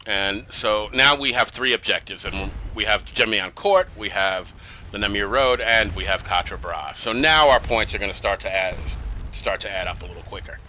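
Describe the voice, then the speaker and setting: Guy talking over his strategy game, chatty and fed up, kinda low but really bright voice, faint hiss behind. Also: moderate pace, rough recording. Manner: chatty, exasperated, sarcastic asides. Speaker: gameplay commentator. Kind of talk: casual strategy game commentary.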